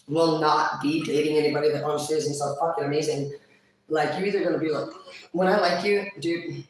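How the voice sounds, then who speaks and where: A blunt, foul-mouthed woman rambles through a casual vlog monologue. She sits well back from the microphone, and her voice rings around a very echoey room. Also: sits low. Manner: crude, profane, blunt. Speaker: vlogger. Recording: echoey room, far from mic.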